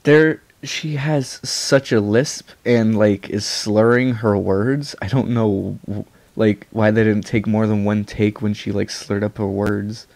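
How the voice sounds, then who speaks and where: A man's voice: fairly low pitch, fairly even intonation, slow, vocal fry, darkish tone, a little hiss or hum. A man giving casual, rambling reaction commentary as a YouTuber, swearing often.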